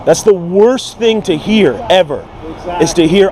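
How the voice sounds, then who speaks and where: Earnest high-voiced street preacher. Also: male voice, expressive, a little slow, a crowd in the background, low-quality recording. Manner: earnest, pleading, repeats words. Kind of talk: open-air street preaching. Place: outdoors on a city street.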